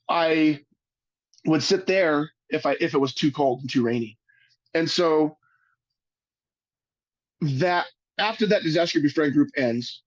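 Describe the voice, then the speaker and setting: A man giving a webinar talk, telling a personal story in an earnest, halting way, often restarting his sentences. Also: medium pitch, darkish tone, dull audio. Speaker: webinar speaker.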